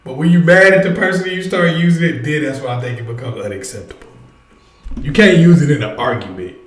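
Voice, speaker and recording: A man's voice: a little high, animated, quick pace, a bit bright, reverberant. A man hosting a casual livestream, energetically urging his viewers to join in. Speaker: livestream host. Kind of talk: casual live chat with viewers.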